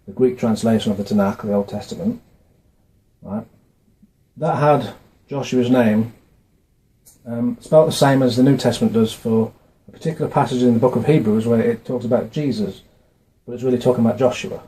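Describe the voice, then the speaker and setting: A man talking casually to camera from his notes, often pausing with fillers and restarting his words. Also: medium pitch, mellow, poor audio. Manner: hesitant, with frequent fillers and restarts. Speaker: video maker explaining a religious topic. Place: indoors, dim room. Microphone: camera mic, facing camera.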